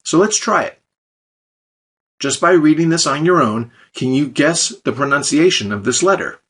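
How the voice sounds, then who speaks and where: Husky man narrating a language lesson. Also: fairly high pitch, expressive, normal speed, a bit bright. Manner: explanatory, with light dry jokes. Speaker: language teacher. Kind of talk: scripted instructional narration.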